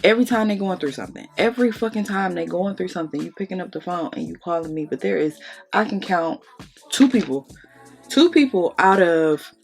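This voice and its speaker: A woman's voice: fairly low pitch, creaky. A young woman vlogger talking candidly during a makeup tutorial, blunt and profane, venting and close to tears. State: on the verge of tears. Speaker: beauty vlogger.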